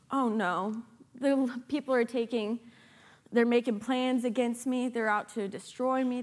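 A woman giving a sermon as a guest preacher, animated and playful, with sarcastic asides. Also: sits high.

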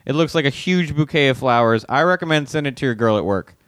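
A man's voice: mid-range voice, expressive, fast talker, fairly bright tone, no echo. Dry-voiced man doing a mocking ad read. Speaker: podcast host reading an ad. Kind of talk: casual ad read.

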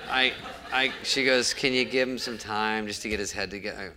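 A man's voice: lowish voice, steady tone, normal speed, background noise. A man telling a show-business anecdote before a live audience and acting out every quoted line of dialogue. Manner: storytelling that acts out each quoted exchange. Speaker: guest comedian. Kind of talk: onstage interview storytelling.

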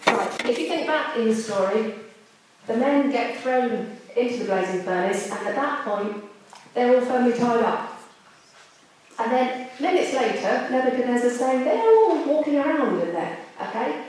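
A woman's voice: fairly high pitch, unhurried, a little mellow. A woman preaching a sermon in a candid, conversational way. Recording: echoey room, distant mic.

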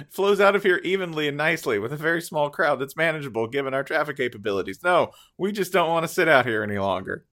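A man's voice: fairly high pitch, animated, brisk, a bit bright. A man co-hosting a sports podcast, joking in casual banter and laughing often. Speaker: podcast co-host.

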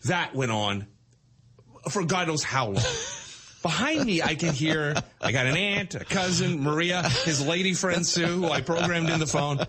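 Animated, husky-voiced man. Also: on the high side, unhurried. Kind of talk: casual storytelling chat.

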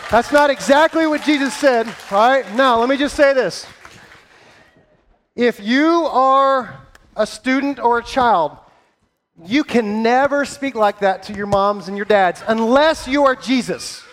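A man leading an interactive Bible story on stage, playful and energetic as he coaches volunteers in front of a live audience. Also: extremely high pitch, unhurried, a little hiss or hum.

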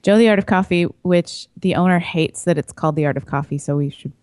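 Low, mellow woman chatting casually. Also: quick pace. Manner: chatty, laughs easily, trails into fillers. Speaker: podcast guest, coffee importer. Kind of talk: casual chat.

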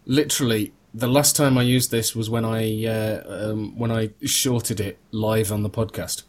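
A man's voice: fairly low pitch, steady tone, measured pace. A man hosting a casual podcast chat, rambling and joking with plenty of fillers and restarts over a video call. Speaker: podcast host.

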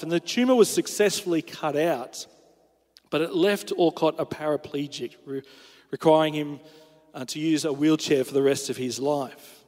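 A man's voice: fairly high pitch, darkish tone. A male pastor preaching a sermon, earnest and emphatic, asking rhetorical questions. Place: church sanctuary. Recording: church hall with long reverb.

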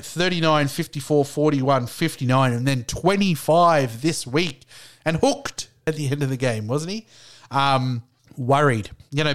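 A man hosting a casual solo fantasy football talk, rambling with lots of fillers and reading out player scores. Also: mid-range voice.

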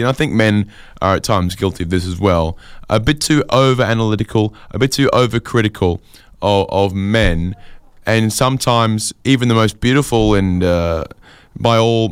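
A man telling a long, wry anecdote in a casual, chatty way, with quick asides and fillers. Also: mid-range voice, clear, resonant tone, dry recording, studio quality. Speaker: storyteller.

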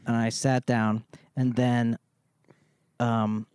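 A man's voice: mid-range voice, little pitch movement, takes it slowly, a little mellow, smooth, no room sound, studio quality. A man co-hosting a casual podcast chat, telling a rambling story with laughs and crude language. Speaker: podcast co-host.

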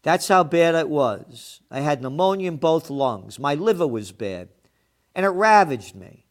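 A man's voice: a little high, very animated, a little slow. A man hosting a trends commentary show, delivering a combative, sarcastic monologue and swearing when angry.

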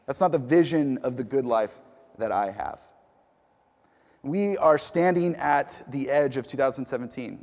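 A man who is a pastor, preaching a sermon in a relaxed, conversational way and telling stories with casual fillers and repeated words. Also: fairly high pitch. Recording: long hall reverb.

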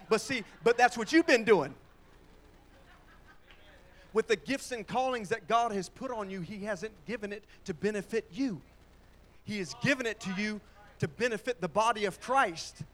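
A man's voice: sits high, normal speed, pauses often, fairly bright tone. A man preaching a sermon in a church, moving between casual storytelling and call-and-response with the congregation, using colloquial phrasing. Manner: conversational, with Southern-style colloquial phrasing.

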